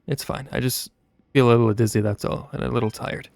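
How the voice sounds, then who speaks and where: A caring young forest watcher, brought to life as a man reads a game's dialogue aloud without much change to his voice. The tone is gravelly, set in a video game story. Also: mid-range voice, steady tone, fairly quick, a little mellow, no echo, lightly acted. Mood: gentle.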